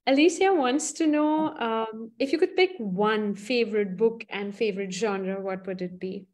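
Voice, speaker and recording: A woman's voice: medium pitch, moderate pace, a little mellow. A woman hosting an interview, framing her questions hesitantly with many fillers. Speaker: interview host. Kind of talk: casual interview conversation.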